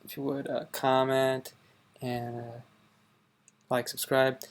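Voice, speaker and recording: A man with a Wisconsin accent giving casual reaction commentary, halting and filled with fillers and restarts. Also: mid-range voice, little pitch movement. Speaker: host reacting to a video.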